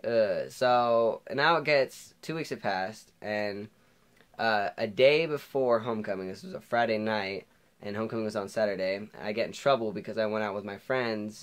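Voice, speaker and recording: A teenage boy with a fairly low voice rambles through a high school story, constantly circling back and correcting himself. He talks in a loose storytime vlog manner, heavy with filler words. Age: teens. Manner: rambling, many fillers and restarts. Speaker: vlogger. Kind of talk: storytime monologue.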